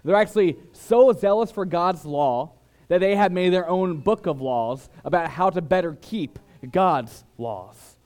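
A man preaching a sermon in a slightly raised pitch. He moves from loud, pressing lines to low, quiet asides. He sounds like a pastor speaking to his congregation. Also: unhurried. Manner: dramatic shifts in loudness, mimics flatterers in higher voice.

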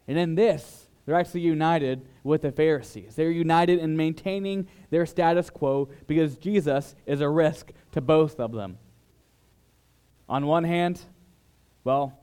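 A man preaching a sermon, who swings between loud, emphatic lines and quiet, dropped asides. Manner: dramatic shifts in loudness, mimics flatterers in higher voice. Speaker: pastor.

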